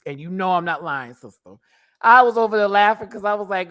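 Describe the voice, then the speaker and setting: A man's voice: sits high, normal speed, fairly bright tone. A man casually reviewing a drag show on a livestream, sassy and slangy, laughing often and playfully exaggerating.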